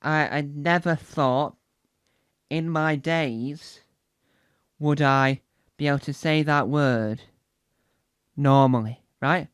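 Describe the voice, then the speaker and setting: A man's voice: a little high, fairly bright tone, clear, resonant tone, dry recording. A man with a Northern English accent performing a playful comedy routine, repeating words and singing silly phrases. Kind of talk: audio comedy special.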